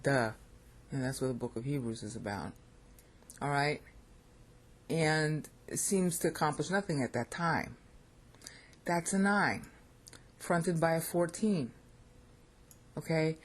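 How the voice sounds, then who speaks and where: An American Bible teacher giving an informal lecture on scripture, thinking aloud and checking in with listeners. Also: mid-range voice.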